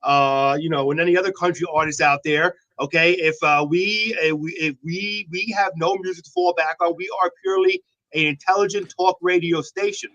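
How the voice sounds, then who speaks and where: Male morning radio co-host, high voice, rambling and defensive, slightly dull studio audio. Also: fairly even intonation, moderate pace, fairly bright tone. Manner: rambling, defensive, lots of uh fillers. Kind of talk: casual morning radio banter.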